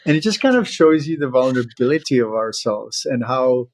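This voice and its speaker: A talkative man from Central Europe hosts a relaxed podcast conversation. He laughs easily and wanders into side stories, with a voice of ordinary middle pitch. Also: a little fast. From Czech Republic. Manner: chatty, laughs often, digresses. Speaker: podcast host. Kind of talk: casual conversation.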